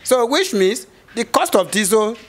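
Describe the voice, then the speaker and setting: A man's voice: high-pitched, sing-song, unhurried. Hesitant man explaining. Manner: hesitant, many fillers and restarts. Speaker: cement trade guest. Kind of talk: explaining in an interview.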